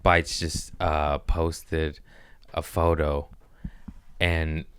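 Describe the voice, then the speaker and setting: A man's voice: very deep voice, little pitch movement, drawn-out words, clear, resonant tone. A young man hosting a podcast in a podcast room, chatting casually in a rambling, profane, joking way. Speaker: podcast host. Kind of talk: casual comedic podcast chat.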